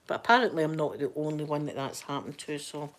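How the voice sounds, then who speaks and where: A woman's voice: sits low, fast talker. A Scottish woman chatting casually on a live stream, rambling through stories and laughing often. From Scotland. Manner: chatty, rambling storyteller who laughs a lot.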